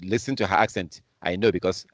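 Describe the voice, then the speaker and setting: A man's voice: deep voice, steady tone, fast, no echo. African-born preacher guy ranting over news clips, repeats himself, scornful, dry sound. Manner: heated, repetitive, scornful. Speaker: online preacher.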